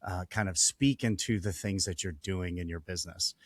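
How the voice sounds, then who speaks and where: A man's voice: low-pitched, steady tone, normal speed, dry recording. A man hosting a podcast interview over a remote call, talking casually, often restarting his sentences and letting them trail off. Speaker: podcast host.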